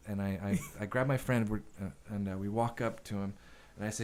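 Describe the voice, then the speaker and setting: A man with a somewhat low voice tells stories as a podcast guest. His speech is casual and profane, and it wanders with plenty of fillers and restarts. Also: fairly even intonation, a little fast, darkish tone, a little hiss or hum. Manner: profane, rambling, many fillers. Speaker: guest actor and director. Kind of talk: casual interview storytelling.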